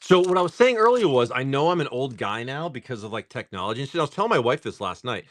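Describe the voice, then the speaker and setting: A man hosting a live stream, rambling casually, swearing freely, and reading off card names in quick lists. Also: mid-range voice, big pitch swings. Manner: rambling, swears freely, laughs often at chat. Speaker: live-stream host opening card packs.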